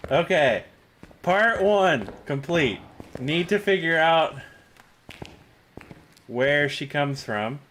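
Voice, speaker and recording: An excitable male streamer with a fairly high, very lively voice that swings up and down. He talks in an unhurried way between bursts of laughter and shouting. A faint hiss sits under the desk mic. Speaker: game streamer. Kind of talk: live gameplay commentary.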